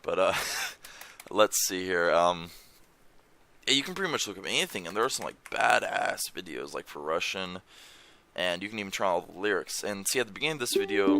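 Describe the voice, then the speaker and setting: A young man talks loosely at home, rambling from one thought to the next and swearing offhandedly. His voice sits very low with a gravelly fry, yet it carries a bright, forward edge. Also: lively intonation, a little fast, faint music behind. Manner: rambling, swears casually, reads foreign lyrics aloud. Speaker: language-learning vlogger. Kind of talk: casual screen-share chat. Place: home room.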